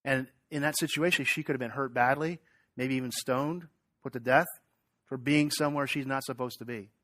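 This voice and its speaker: In his sermon, a pastor conversationally recounts a story with lively, acted-out quotations and asks the congregation questions. He speaks at medium pitch and a moderate pace, with no room sound.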